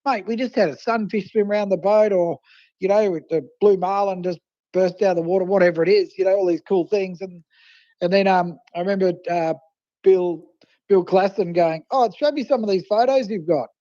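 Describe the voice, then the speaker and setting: An Australian man with a notably high voice tells fishing stories over the phone, slipping into the voices of the people he quotes. The line is muffled and a little dull, with no room sound around it. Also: normal speed, no room sound. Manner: animated anecdotes, acting out quoted voices. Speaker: guest fishing writer and photographer. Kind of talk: casual storytelling over the phone.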